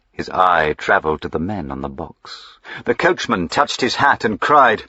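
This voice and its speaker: A man narrating a historical novel as an audiobook in a measured, even storytelling manner. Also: sits low, breathy edge, dry recording, dull audio.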